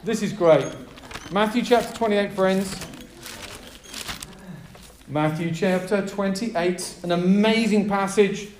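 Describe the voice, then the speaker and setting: A man with a notably high voice preaches with energetic emphasis, calling on his listeners to respond and pressing his points home. The room carries a roomy echo around him. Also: slow pace, long pauses, slight background noise. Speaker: pastor. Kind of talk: sermon to a live group. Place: room with a gathered group.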